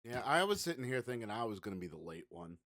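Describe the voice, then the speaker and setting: Male co-host, laid-back storyteller, lively intonation, dry close mic. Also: mid-range voice, fast talker, no echo. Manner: relaxed, rambling, mild self-repeats. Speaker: podcast co-host. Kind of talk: casual storytelling.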